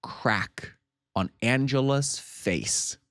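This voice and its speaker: Guy doing a casual laughy movie recap, swears a lot, mid pitch, dry close sound. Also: drawn-out words, no echo, soft background music. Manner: laughs often, swears freely, animated retelling. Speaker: movie reviewer.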